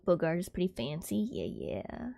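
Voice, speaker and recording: A young woman livestreamer chatting casually with viewers in a soft, airy, giggly way, rambling with lots of fillers. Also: on the low side, huge pitch swings, moderate pace, creaky.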